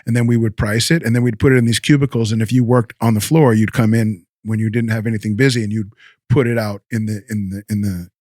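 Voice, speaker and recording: A man in his fifties telling stories in a casual interview, rambling and animated, swearing freely and restarting his sentences. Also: on the low side, quick pace, no echo, studio quality. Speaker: podcast guest, rapper.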